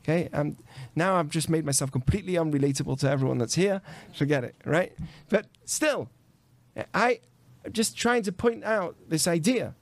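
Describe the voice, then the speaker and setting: A man, a rabbi, giving an animated podcast talk full of rhetorical questions. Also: a little high, moderate pace, no echo. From grew up in a committed Jewish home.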